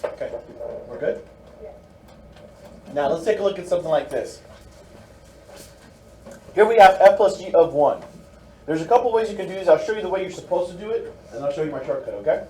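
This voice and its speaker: A man's voice: fairly high pitch, quick pace, long pauses. A male math teacher giving a classroom review lesson, walking through steps and checking in with the class. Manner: steady, explains step by step, checks in with "okay?". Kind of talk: classroom lecture. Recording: echoey classroom from far off with background noise.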